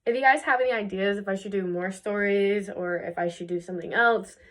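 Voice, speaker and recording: This is a young woman's casual take on a fairy tale for her video: lots of fillers, a chatty tone, and quick jumps into character voices, all in a mid-range voice.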